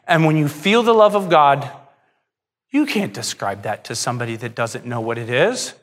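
A man delivers a heartfelt sermon in a fairly high voice. He swings between hushed, tender stretches and soaring, impassioned peaks as he preaches. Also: very animated, moderate pace. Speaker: pastor.

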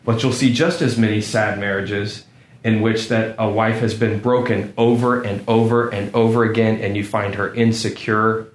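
A man's voice: lowish voice, echoey room. A male pastor preaching a sermon, telling a story earnestly with lots of repetition.

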